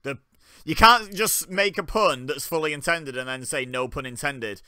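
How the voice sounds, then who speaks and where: A man's voice: on the high side, moderate pace, bright, forceful tone, clean tone, no room sound, studio quality. A young man giving wry, joking commentary while watching along, often laughing. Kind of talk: casual live commentary.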